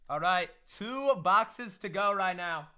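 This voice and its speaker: A man's voice: sits high, expressive, slow pace, pushed and bright, clear, resonant tone. A young man hosting a casual livestream, opening card packs and talking to chat in hyped, slangy bursts.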